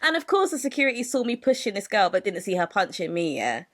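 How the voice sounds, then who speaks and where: A young woman chats on a podcast, her voice ranging widely as she acts out quotes. She is an expressive storyteller who laughs often. Casual chat. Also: medium pitch, quick pace. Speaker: podcast co-host.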